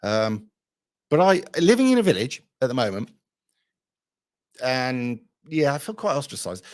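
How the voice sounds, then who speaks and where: A man's voice: medium pitch, big pitch swings, a little slow, a little mellow. A middle-aged man, ranting bluntly and profanely to camera as a channel host and retelling a pub story. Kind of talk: casual ranting vlog.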